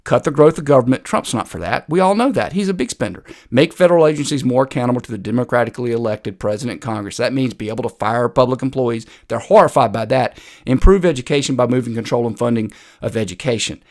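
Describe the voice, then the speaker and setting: A man's voice: medium pitch, animated, quick pace, hardly any pauses, a little mellow. A man hosting a political commentary video, combative and sarcastic, talking straight to his viewers.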